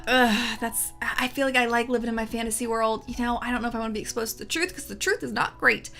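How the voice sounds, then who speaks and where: Bright, chatty young woman gaming. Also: a little high. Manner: chatty, sarcastic. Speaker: let's play host. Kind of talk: casual gameplay commentary.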